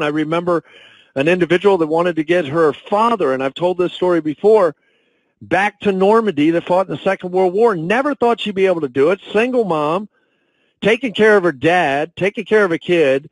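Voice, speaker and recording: A man giving a motivational corporate talk as a sales and training director, telling stories with feeling and slowing down when moved. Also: fairly high pitch, no room sound, poor audio. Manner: emotional, storytelling, slows down when moved. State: choked up. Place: conference call.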